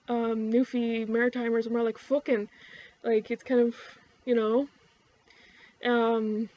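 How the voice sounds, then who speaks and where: A woman's voice: on the high side, lo-fi sound. A young woman with an Ottawa-area Canadian accent, chatting casually to camera in a rambling, sweary way, full of fillers and restarts. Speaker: vlogger.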